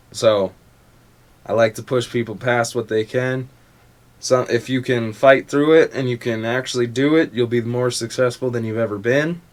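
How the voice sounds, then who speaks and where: A young adult man hosting a motivational podcast in a casual, profane, confrontational rant. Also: medium pitch. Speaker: podcast host.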